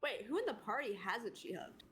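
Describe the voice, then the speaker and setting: A woman's voice: fairly high pitch, lively intonation, a little fast, fairly bright tone. A woman streaming a tabletop game, chatting casually with a giggly, rambling, playful manner.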